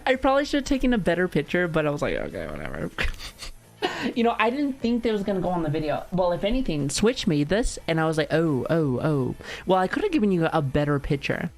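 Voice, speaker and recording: Woman, streamer, casual reaction chat, lower voice, excitable, swears often, faint background music. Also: brisk.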